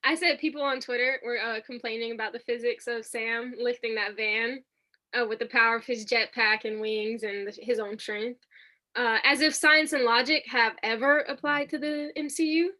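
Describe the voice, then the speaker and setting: A young woman with a fairly high, bright, forceful voice co-hosts a podcast. She talks in casual slang and laughs often. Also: steady tone, moderate pace. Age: young adult. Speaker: podcast co-host. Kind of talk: casual chat.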